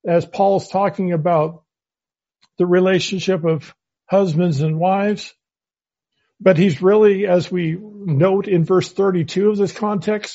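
Man, Bible study sermon, fairly high voice, measured delivery, muffled lo-fi recording. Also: gravelly, mellow. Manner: measured, quoting scripture at length. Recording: muffled lo-fi audio.

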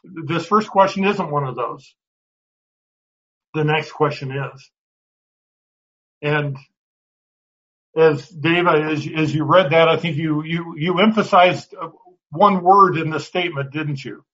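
A man's voice: a little high, slow pace, pauses often, fairly bright tone. A man teaching a Bible class in a conversational way, often restarting words and putting questions to the class. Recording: dull lo-fi recording.

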